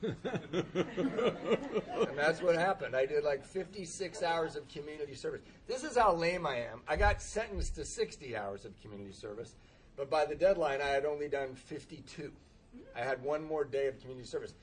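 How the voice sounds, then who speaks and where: A man tells a comic story from his own recovery, poking fun at himself and breaking into laughs as he goes. His voice sits a little higher than most men's. The delivery is easy and conversational, like a share at a meeting. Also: expressive, normal speed, a little hiss or hum, poor audio. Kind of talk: humorous personal storytelling.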